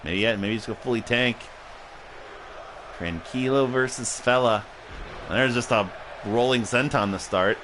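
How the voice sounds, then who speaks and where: A man's voice: medium pitch, unhurried, pauses often, noisy background. A man hosting a livestream, casually commentating a video game match, rambling and joking, laughing often and swearing, a little tipsy and punchy.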